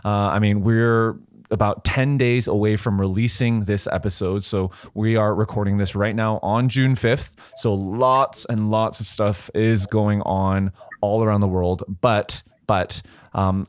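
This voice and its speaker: A man leads a podcast conversation, keeping it on track in a steady, organized way. His voice sits low, and the recording is dry with no room echo. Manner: steady, organized, steering the talk. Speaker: podcast host. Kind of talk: casual chat.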